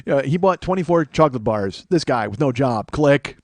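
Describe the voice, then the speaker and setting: A man's voice: mid-range voice, expressive, normal speed, darkish tone, dry recording. American man, forties, podcast host, rambling profane comedy monologue, dry close sound. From United States. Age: 40s. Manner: rambling, profane and self-mocking.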